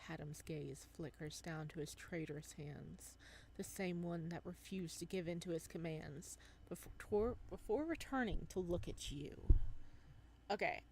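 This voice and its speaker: A woman reading a visual novel aloud as she plays, with giggly, excited reactions between passages. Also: on the low side, unhurried, a little hiss or hum. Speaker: gamer.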